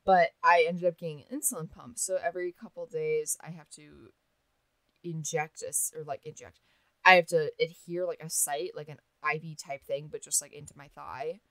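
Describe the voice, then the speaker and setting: Young woman podcast cohost, low voice, dry close sound, swears a lot and laughs easy. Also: steady tone, normal speed, a bit bright, dry recording. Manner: frank, laughing, swears freely. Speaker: podcast co-host. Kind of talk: casual chat.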